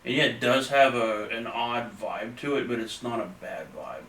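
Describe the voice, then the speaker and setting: A man in his own old house, calmly sharing opinions during a live paranormal investigation, with fillers. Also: medium pitch, moderate pace. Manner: easygoing, thoughtful, fillers. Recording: roomy, distant, faint background noise.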